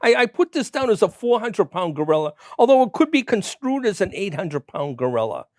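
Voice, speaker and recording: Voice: medium pitch, very animated, a little fast, a little mellow, no echo. The host of a studio interview show, asking questions in a conversational, loosely phrased way. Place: local TV studio.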